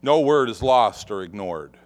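A man preaching a sermon in an expressive way, acting out the voices he quotes. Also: medium pitch, measured pace. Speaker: pastor.

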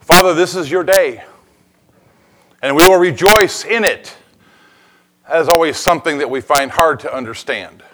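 Bright-voiced man preaching a casual sermon. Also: on the high side, moderate pace, long pauses, low-quality recording. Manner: conversational, jokey preaching with sung snippets. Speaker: pastor.

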